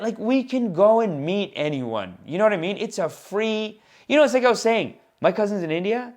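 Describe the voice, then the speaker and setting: Animated male comedian rambling solo. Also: high voice. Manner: animated, rambling, talks straight to listeners. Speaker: comedian and podcast host. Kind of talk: casual comedic monologue.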